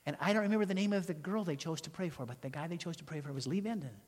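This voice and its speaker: A man preaching a storytelling sermon to his congregation in an animated way, quizzing the listeners and acting out the people in his stories. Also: fairly high pitch, rapid-fire. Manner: animated, questions the congregation, acts out quoted voices. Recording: long hall reverb.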